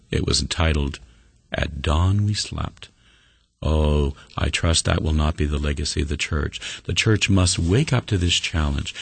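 A man's voice: very deep voice, vocal fry, breathy edge, no echo. A man preaching a sermon as a pastor for listeners, earnest and folksy, with light jokes. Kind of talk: radio sermon.

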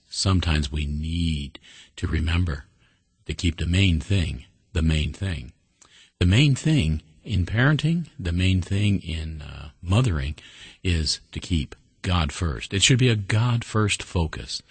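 Male radio preacher, deep husky voice, dry close mic, folksy and earnest. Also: no room sound. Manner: folksy storytelling, earnest and steady. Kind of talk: sermon.

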